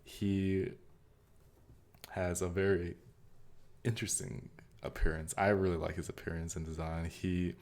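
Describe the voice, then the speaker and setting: A young man co-hosting a casual podcast, rambling along and laughing at himself, sometimes trailing off softer. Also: low-pitched, flat delivery, unhurried, long pauses. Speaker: podcast co-host. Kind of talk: casual chat.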